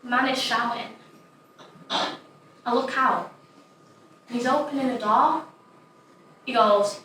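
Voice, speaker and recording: A woman's voice: on the high side, slow pace, bright, forceful tone, a little hiss or hum. A woman playing an imaginative, chatty young child, delivering a dramatic monologue, childlike and plain-spoken. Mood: puzzled. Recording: roomy echo, distant mic, faint ambience.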